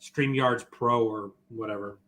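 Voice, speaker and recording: A man chatting as a guest on a livestream over a video call, halting and eating while he talks. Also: medium pitch, fairly even intonation, a bit bright. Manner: halting, eats while talking. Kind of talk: casual livestream chat.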